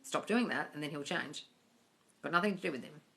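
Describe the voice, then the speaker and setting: A woman working as a manifesting coach takes viewer questions in a live Q&A, speaking directly and calling listeners "darling" and "guys." Her voice is low-pitched, expressive, a little fast, bright and forceful with vocal fry, picked up by a phone on the livestream.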